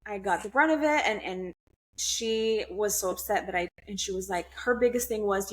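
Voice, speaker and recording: A woman's voice: medium pitch, moderate pace. A young woman guest on a podcast, telling a personal story in a blunt, candid way, swearing freely and restarting her sentences.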